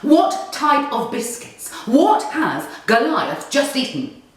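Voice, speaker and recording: An angry dog owner, barking and rude, his words drawn out and pitched high, as a woman narrator acts him out. He swears slowly, each word stressed. Heavy echo fills the room, and the mic is far off. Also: big pitch swings, exaggerated voice. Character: irate man, a dog owner. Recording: roomy echo, distant mic.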